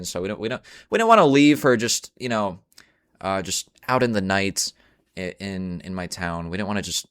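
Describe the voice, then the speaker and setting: A young man with a very low voice tells a loose storytime monologue from home, rambling and swearing freely, leaning on slang and fillers. The sound is dry and close, with little room around it. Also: fairly bright tone, clear, resonant tone, no echo.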